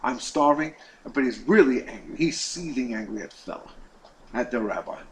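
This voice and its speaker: A man teaching a class as a rabbi, telling a story with lively delivery, repeating words and acting out the quoted lines. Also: mid-range voice, a little fast, a little hiss or hum, rough recording. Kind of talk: storytelling lesson.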